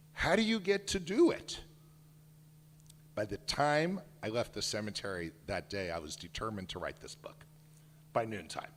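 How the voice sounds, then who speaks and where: A man in his sixties, a children's book author, giving an animated talk and reading his picture book aloud with emphasis. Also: medium pitch. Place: synagogue hall. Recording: echoey hall reverb.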